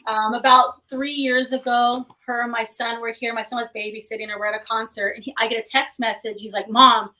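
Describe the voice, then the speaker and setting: Middle-aged woman, bright ringing voice a bit high, chatty interview guest acting out the voices in her stories. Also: fairly quick, few pauses, rough recording. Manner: animated storyteller, acts out quoted voices. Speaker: paranormal investigator guest. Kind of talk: casual interview storytelling.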